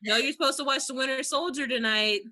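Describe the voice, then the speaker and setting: A woman's voice: high voice, fast, bright, forceful tone. A woman co-hosting a casual podcast, chatty and teasing, who laughs often. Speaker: podcast co-host.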